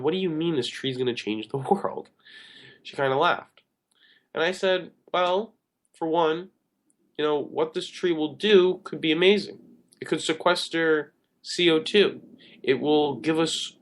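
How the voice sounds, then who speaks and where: Earnest rambling talk show host, man. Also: a little high. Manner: earnest, rambling, self-correcting. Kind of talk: casual talk show monologue.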